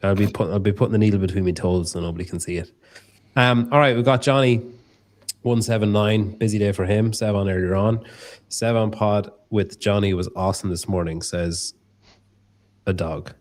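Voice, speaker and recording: Low-voiced guy hosting a podcast, jokey and rambly, swears a lot. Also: normal speed, a little mellow. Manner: joking, rambling, swears freely. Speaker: podcast host. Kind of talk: casual podcast chat.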